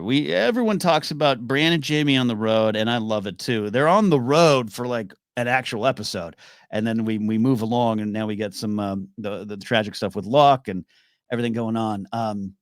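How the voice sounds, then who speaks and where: A man hosting a solo podcast, giving an animated, enthusiastic recap commentary of a TV episode. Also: mid-range voice, normal speed, dry recording, clean studio sound. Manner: animated, enthusiastic, many restarts. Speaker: podcast host.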